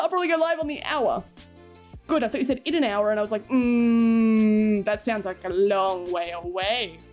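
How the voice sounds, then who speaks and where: A young woman chats on her live stream in a rambling, giggly way, swearing freely. Her voice sits fairly high and swings widely in pitch. Soft music plays faintly underneath. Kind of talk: casual live-stream chat.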